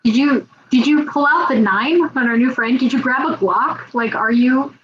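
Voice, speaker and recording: A woman's voice: high-pitched, moderate pace, fairly bright tone. A woman playing in a tabletop game, joking and often repeating her lines. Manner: playful, repeats herself. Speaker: player. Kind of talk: casual tabletop game chat. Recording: dull lo-fi line with faint hiss.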